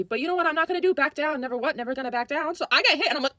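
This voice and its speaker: A woman's voice: high voice, lively intonation, racing, few pauses, pushed and bright, dry recording, clean studio sound. A young woman telling a dramatic story-time tale, acting out the dialogue. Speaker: storyteller in a social media clip.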